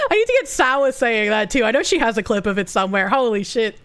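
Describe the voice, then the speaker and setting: A young woman streamer reads news and chat aloud in a casual live stream, reacting with sarcasm, free swearing and frequent laughter. Her voice is on the high side, expressive, fast and a bit bright, with a clean tone.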